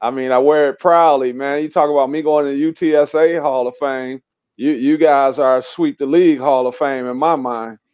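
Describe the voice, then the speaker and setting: A man speaking haltingly, repeating his words, as he thanks the hosts of a sports show. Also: mid-range voice, steady tone, smooth, no echo. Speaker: show co-host and tribute honoree. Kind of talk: emotional on-air thanks. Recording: dull dry remote audio.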